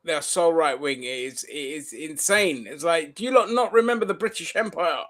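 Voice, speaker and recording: A man's voice: on the high side, moderate pace, a bit bright. A man hosting a casual podcast chat, talking animatedly and swearing, explaining things at length. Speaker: podcast host.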